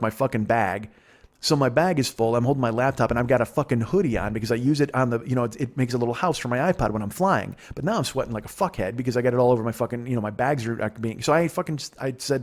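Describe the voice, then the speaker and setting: A man in his forties rattles through a rambling comic story at a fast clip, swearing freely and going off on riffs. He has an ordinary mid-range voice. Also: medium pitch, darkish tone. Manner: rambling, heavy swearing, riffing asides. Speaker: comedian podcast host. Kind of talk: profane comic storytelling monologue.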